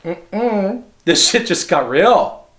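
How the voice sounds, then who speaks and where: A man's voice: sits high, very animated, slow, fairly bright tone. A man hosting a comedic video commentary show, talking in a sassy, catty, campy way. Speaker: show host.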